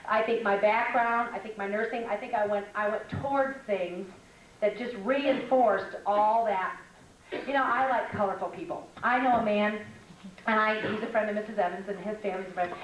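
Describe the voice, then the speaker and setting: An older woman speaks at a women's conference in an echoey hall, giving a chatty, humorous teaching talk built on stories. Her voice is medium-pitched at a normal speed, picked up from far away with a little hiss or hum.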